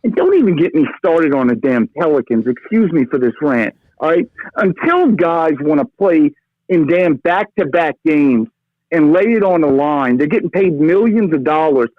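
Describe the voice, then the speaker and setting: Fired-up new guy calling in over a tinny phone, kinda high voice, keeps going okay? brother?. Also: animated, moderate pace, dry recording. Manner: fired-up, ranting, peppers lines with "okay?" and "brother". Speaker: caller. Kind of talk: phone-in sports rant.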